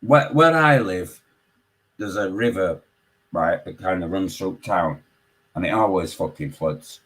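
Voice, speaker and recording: A man with a Yorkshire accent, calling in and telling a story in casual chat, swearing constantly and animated. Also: low voice, unhurried, rough recording. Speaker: caller.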